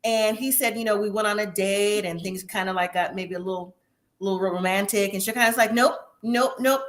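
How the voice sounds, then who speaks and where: A woman's voice: mid-range voice, fairly even intonation, fairly quick. A woman hosting a casual live review chat, opinionated and chatty, laughing often. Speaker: host.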